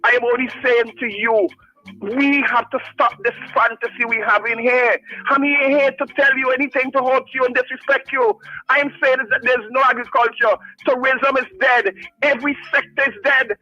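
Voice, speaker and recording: A man phones a radio talk show, his voice high and bright as he delivers an impassioned, repetitive, preachy appeal. The line is dry and muffled, as a phone call sounds. He repeats himself for emphasis and presses on with fervor. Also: level tone, moderate pace, soft background music. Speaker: caller. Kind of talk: passionate call-in radio rant.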